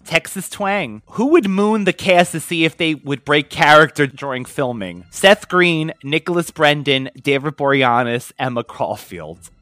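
A man hosting a casual trivia chat, reading out questions and answers, often laughing and animated. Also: a little high, measured pace, hardly any pauses, dry recording. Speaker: quiz host.

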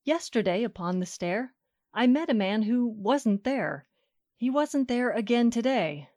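A woman giving a dramatic reading of a short story in a wry, measured way. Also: fairly high pitch, lively intonation, a little mellow, no echo, clean studio sound. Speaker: story reader.

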